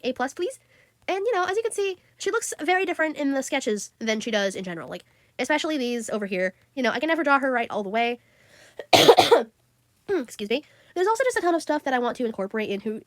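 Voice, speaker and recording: A woman's voice: on the high side, no echo. A teenage girl chatting casually about her drawings, giggly and full of fillers. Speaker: art vlogger. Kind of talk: casual chat.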